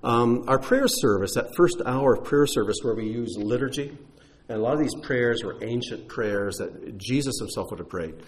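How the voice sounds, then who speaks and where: A pastor speaks to his congregation in a mid-range voice at a moderate pace, answering questions casually. He's conversational and explanatory, using fillers and frequently restarting his sentences.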